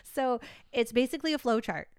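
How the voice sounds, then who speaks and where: A woman's voice: on the high side, brisk, clean tone, no echo, clean studio sound. A woman in casual podcast chat, walking through self-help techniques and laughing easily. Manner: explains coping techniques with easy laughter.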